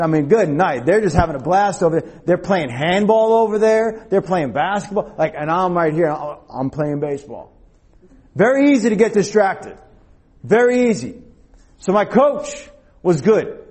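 A man with a fairly high, husky voice preaches to young people like a storyteller. He keeps stopping to ask "okay?" and "all right?", and he acts out the lines he quotes as he tells the story. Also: expressive, moderate pace, a little mellow. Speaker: youth preacher. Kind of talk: sermon with storytelling.

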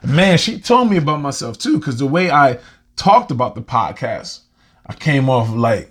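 A man hosting his own podcast, talking in a casual, heartfelt and slangy way, slowing down to stress his points. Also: medium pitch, very animated, husky. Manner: conversational, heartfelt, slangy, slows down for emphasis. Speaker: podcast host. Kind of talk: casual motivational monologue.

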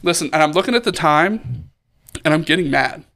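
A man with a slightly high voice tells a story in a casual podcast chat. He swears freely and acts out every voice in the scene. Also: a little fast, gravelly. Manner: animated, profane, acts out both sides of a story. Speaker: podcast co-host.

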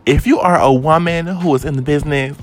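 A woman's voice: low voice, a little fast, faint music behind. A woman hosting her own vlog, ranting about celebrity gossip in a sassy, profane way and repeating her points for emphasis. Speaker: vlog host. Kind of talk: casual celebrity gossip rant.

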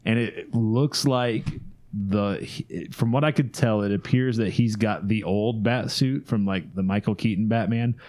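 A man hosting a podcast, running through movie news in a relaxed chat and laughing often. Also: fairly low pitch, unhurried. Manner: runs a countdown of movie news, chatty and laughing. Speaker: podcast host. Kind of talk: casual chat.

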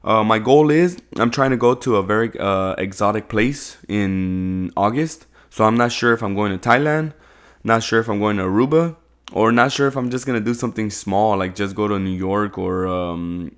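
A man's voice: lowish voice, normal speed. A young man co-hosting a podcast in casual, slangy chat, swearing freely. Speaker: podcast co-host.

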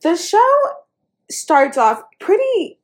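High, lively young woman chatting. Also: takes it slowly. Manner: playful, teasing, jumps between jokes. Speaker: co-host. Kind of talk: casual chat reviewing a TV show.

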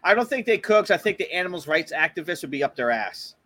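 A man's voice: a little high, very animated, fast, sharp tone, no room sound. A young man with a Boston accent, hosting a podcast in casual, swear-filled chat. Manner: swears constantly, laughs often. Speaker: podcast host.

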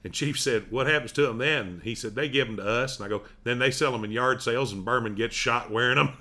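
A man's voice: mid-range voice, quick pace, bright, forceful tone. A middle-aged man, chatting casually and laughing as he tells stories and acts out quotes. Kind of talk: casual chat.

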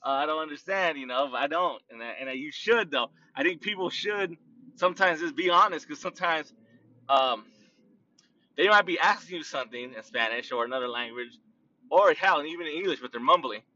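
A man hosting his own podcast, musing aloud in a loose, rambling monologue full of fillers, restarts and long drawn-out words. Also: a little high, sharp tone, far from the mic, muffled recording. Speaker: podcast host.

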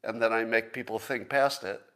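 A man's voice: fairly low pitch, fairly even intonation, moderate pace, bright, forceful tone. A man hosting a podcast, giving a casual solo monologue in a plain-spoken, self-assured way and often asking rhetorical questions. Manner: conversational, persuasive, fond of rhetorical questions. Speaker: podcast host.

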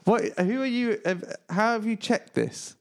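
A man's voice: high voice, unhurried. A man co-hosting a casual podcast, hesitant and self-deprecating as he talks. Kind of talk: casual chat.

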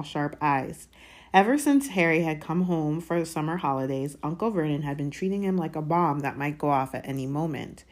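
A woman reading a novel aloud in a measured, deliberate way. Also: low-pitched. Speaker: reader.

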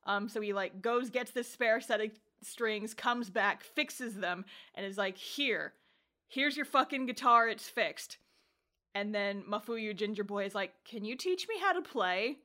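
A woman's voice: mid-range voice, lively intonation, measured pace, bright, forceful tone. A woman co-hosting a podcast, casually recapping an anime episode, laughing often and swearing as she acts out the characters' lines. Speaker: podcast co-host.

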